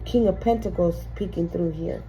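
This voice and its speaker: A woman's voice: fairly low pitch, mellow, dull audio, slight background noise. A woman doing a casual tarot reading for her viewers, emphatic and profane. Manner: emphatic, profane, slow and drawn out. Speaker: tarot reader.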